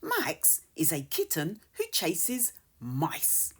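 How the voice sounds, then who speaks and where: A woman reading a children's picture book aloud in a soft, whispery storytelling voice. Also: deep voice, wildly swooping pitch, extremely slow, husky. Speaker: storybook reader.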